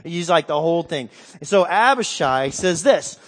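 A pastor with a high voice delivers an emphatic sermon, dropping low and soft, then climbing to loud, rousing calls. His voice trails off in the long reverb of a large hall. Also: lively intonation, normal speed. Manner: emphatic preaching, swings from quiet to loud.

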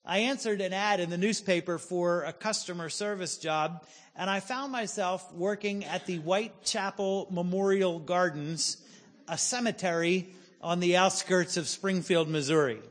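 A man in his forties, a pastor preaching a sermon, telling a personal story with humor and slowing down for emphasis. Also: high-pitched, big-room sound. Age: 40s.

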